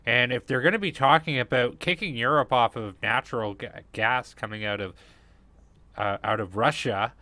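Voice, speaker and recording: A man's voice: mid-range voice, normal speed, bright, forceful tone, dry recording. A man co-hosting live political commentary, talking casually with fillers and restarts. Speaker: co-host.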